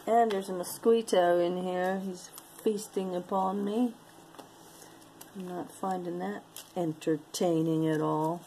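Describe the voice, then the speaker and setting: Slow, chatty woman selling jewelry. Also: fairly low pitch, steady tone, mellow, a little hiss or hum, rough recording. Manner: chatty, rambling, talks to herself. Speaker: online jewelry seller. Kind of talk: casual sales chat to viewers.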